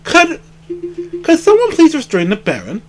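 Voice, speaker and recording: A man's voice: very high voice, huge pitch swings, normal speed, darkish tone, pitched above the performer's own voice, full character voice. A man voicing a dry bird judge.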